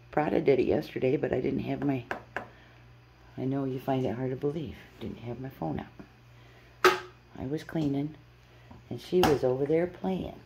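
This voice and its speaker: In a casual pet vlog shot on her phone at home, a woman who fosters pets calls to her foster kittens in coaxing baby talk, laughing frequently. She has a bass voice, and the audio is lo-fi with background noise.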